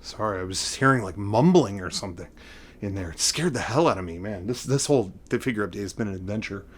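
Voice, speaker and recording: A middle-aged man hosting a casual collecting vlog, rambling and excitable, playing up mock emotion. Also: lowish voice, fast. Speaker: vlogger showing figure collection.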